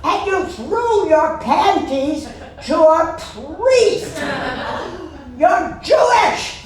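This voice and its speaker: An older woman putting on the voice of her own exasperated mother, scolding her in a shrill, raised tone on a live stage. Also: lively intonation, a little slow. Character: scolding middle-aged Jewish mother. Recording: echoey theater, far from mic.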